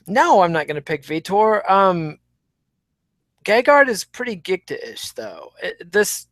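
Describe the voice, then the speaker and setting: Dry-humored Texas Panhandle man, higher voice. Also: sing-song, slow pace, long pauses, a bit bright, no room sound. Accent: Midwestern American, Texas Panhandle. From Texas Panhandle, USA. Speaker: podcast co-host. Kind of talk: casual chat.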